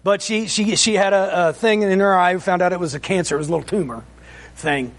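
Fervent high-voiced preacher with gravelly edge. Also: male voice, fairly quick. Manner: fervent, folksy storytelling with restarts and amens. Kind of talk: informal sermon testimony.

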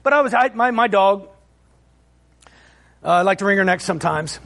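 A man's voice: high voice, lively intonation, normal speed, fairly bright tone. A man preaching in a folksy, fervent way, telling a personal testimony with frequent amens and restarts. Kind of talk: informal sermon testimony.

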